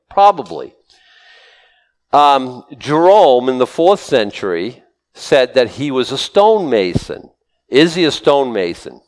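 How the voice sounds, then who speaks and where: Animated man preaching a casual sermon. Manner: animated, swings up in pitch when excited. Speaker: pastor. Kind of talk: conversational sermon.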